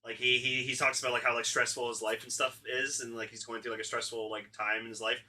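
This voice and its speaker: A man's voice: medium pitch, quick pace. A man co-hosting a casual fan podcast, swearing freely and peppering his talk with filler words. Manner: animated, swears freely, says like a lot. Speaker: podcast co-host.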